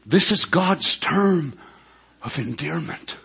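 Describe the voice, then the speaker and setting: A man preaching a sermon in a rough, husky voice that sits a little high for a man. His pitch rides up into shouted peaks and sinks into near-whispered asides. He stretches out the key words with a preacher's cadence. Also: animated, slow. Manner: swings from shouted climaxes to low hushed asides. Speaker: pastor.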